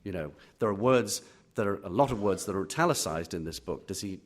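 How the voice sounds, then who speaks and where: Hesitant English man, low voice. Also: lively intonation, brisk. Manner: hesitant, many fillers and restarts. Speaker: literary critic speaking to an audience. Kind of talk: live Q&A at a reading. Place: auditorium.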